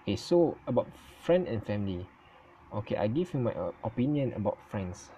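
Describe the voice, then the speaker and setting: A man whose first language is Malay, giving his opinion in casual talk on his channel, halting and stuttering and often correcting himself. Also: fairly low pitch, big pitch swings, mellow, a little hiss or hum, rough recording. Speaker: vlogger. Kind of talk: casual spoken opinion recording.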